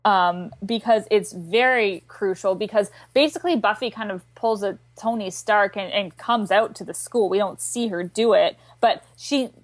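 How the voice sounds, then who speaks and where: A young Canadian woman chatting enthusiastically on a podcast, swearing freely and speaking in quick bursts. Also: mid-range voice, dry recording. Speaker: podcast regular contributor. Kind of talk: casual chat.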